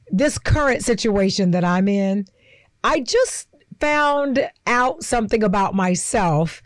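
A woman's voice: mid-range voice, no room sound. A woman co-hosting a casual chat over drinks, telling a candid personal story and quoting others as she goes. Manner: candid, storytelling with quoted voices. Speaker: co-host.

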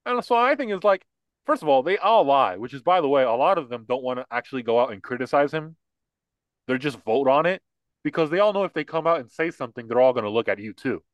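A man co-hosting a podcast, chatting casually about politics in an animated, mocking, joking way. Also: mid-range voice, quick pace, no room sound, highs cut off. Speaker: podcast co-host.

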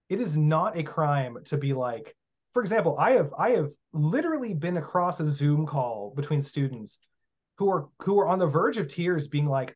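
A man's voice: on the high side, expressive, normal speed. A man talking as a guest on a casual podcast, blunt and profane, often acting out little bits of dialogue. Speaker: guest teaching magic. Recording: dull lo-fi sound.

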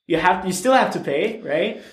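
A young man from Turkey telling stories as a podcast guest in casual chat, animated and ending lines with a questioning "right?". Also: high-pitched, moderate pace. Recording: echoey room.

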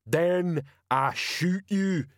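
A man voicing a huge, slow-witted male troll sergeant who speaks slowly and loudly in an audiobook reading. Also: high-pitched, no echo, studio quality, voice pushed up. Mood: bellowing. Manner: slow, loud, laborious.

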